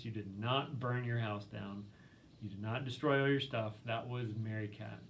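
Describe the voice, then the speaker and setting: Guy lecturing on a novel, chatty with lots of ums, faint hiss behind him. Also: mid-range voice. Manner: casual and conversational, many ums and likes, reads quotes aloud. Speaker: literature professor. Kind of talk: recorded lecture.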